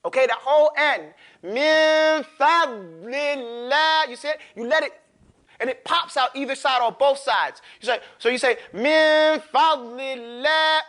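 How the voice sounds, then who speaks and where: A man teaching Quran recitation to a class, drilling students casually and modeling each word slowly, with some jokes. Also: very high voice, fairly bright tone. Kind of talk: classroom tajweed lesson.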